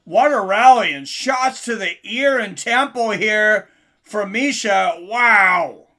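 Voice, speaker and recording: With a high, slow voice, a man chats through a fight live for his streaming audience. He grows noticeably louder and more thrilled as the key moments land.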